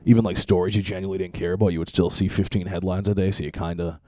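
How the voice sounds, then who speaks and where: A man's voice: deep voice, little pitch movement, very fast, a little mellow, dry recording. A man in his thirties hosting a casual podcast, rambling loosely with lots of profanity and laughter. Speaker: podcast host.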